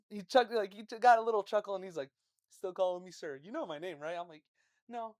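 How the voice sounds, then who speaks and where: A man's voice: high voice, quick pace, a little mellow, no room sound, clean studio sound. Laughing, swearing man telling stories. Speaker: podcast co-host. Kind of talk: casual chat.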